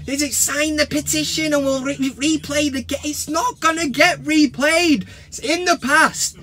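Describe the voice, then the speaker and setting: An English man hosting a football fan vlog, talking to camera in an animated, sarcastic rant and swearing freely. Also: very high voice, moderate pace.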